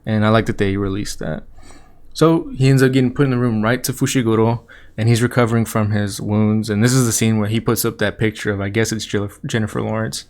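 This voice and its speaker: A man's voice: lowish voice, steady tone, a little fast, a little mellow. A man hosting an anime review podcast, casually retelling an episode in a loose, rambling way with the odd light chuckle.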